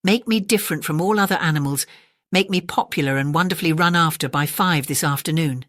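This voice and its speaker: A woman's voice: deep voice, fairly quick, fairly bright tone, dry recording. A woman voicing a proud, demanding male kangaroo, kept close to her plain reading voice.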